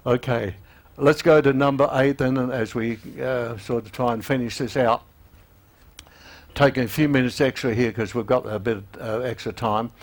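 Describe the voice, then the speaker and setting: A man in his eighties preaching a sermon, halting with fillers and restarts, often emotional, and growing louder and higher as he urges repentance. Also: fairly even intonation. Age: 80s. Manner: rises in pitch and volume when urging repentance.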